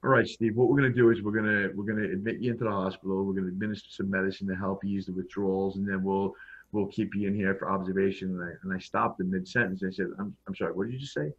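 A man's voice: low-pitched, fairly even intonation, fast talker, slightly rough. A man telling his personal story as a podcast guest, blunt and frank, often restarting his sentences. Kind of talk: personal storytelling in a casual interview. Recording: dull lo-fi sound.

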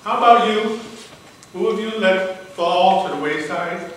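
The recording, made from a distance in a large echoey hall, carries faint ambience and a little hiss or hum. In it, an older man with a high-pitched voice and measured pace tells an earnest, dramatic personal story as a prepared speech-contest entry.

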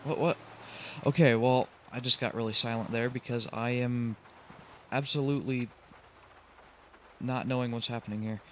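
Commentating on his driving game run, a young gaming channel host grows frustrated, begs the truck to cooperate, and groans over his errors. He talks at a medium pitch and moderate pace with fairly even intonation and long pauses. Some slight background noise is present.

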